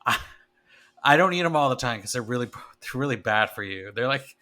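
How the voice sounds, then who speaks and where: Bright-voiced chatty man. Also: mid-range voice, expressive, brisk. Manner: chatty, enthusiastic, laughs easily. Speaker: podcast co-host. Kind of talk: casual chat.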